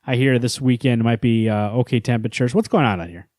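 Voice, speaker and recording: A man's voice: medium pitch, fast, a little mellow, dry recording. A man co-hosting a comics podcast in casual chat, playful and prone to rambling joke stories. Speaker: podcast co-host.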